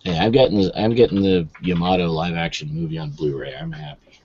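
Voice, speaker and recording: A sick, hoarse man with a gravelly voice, chatting playfully while hosting a live stream. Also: deep voice, lively intonation, a little fast, a little mellow, highs cut off. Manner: laughs a lot, playful. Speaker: live commentary host. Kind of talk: casual live-stream chat.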